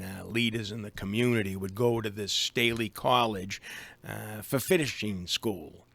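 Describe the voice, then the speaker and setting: Boston man, low and gravelly, halting radio guest. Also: fairly bright tone, no room sound. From Boston, USA. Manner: hesitant, many fillers and restarts. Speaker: guest, attorney. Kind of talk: radio interview. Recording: live AM radio studio.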